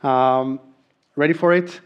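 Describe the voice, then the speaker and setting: A man's voice: a little high, steady tone, slow pace, smooth, muffled recording. A middle-aged man from Israel, a native Hebrew speaker with an Israeli accent, preaching a sermon in an earnest way with frequent ums and restarts. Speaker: pastor.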